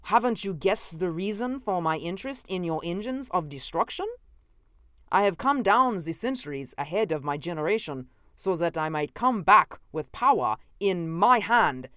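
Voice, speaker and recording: A woman's voice: on the low side, animated, moderate pace, fairly bright tone, dry recording, studio quality, pitched above the performer's own voice. A woman reading an audiobook, voicing a menacing male villain who rants and snarls about ruling the world. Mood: ranting. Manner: snarling, triumphant ranting. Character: menacing scheming man, megalomaniac villain.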